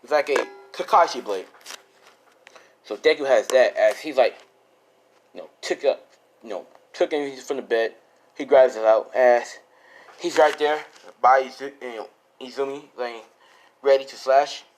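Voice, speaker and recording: A man's voice: mid-range voice, a little slow, long pauses, a little hiss or hum, low-quality recording. A young man improvising a fan-fiction story in a loose, rambling, casual way with lots of fillers and swearing.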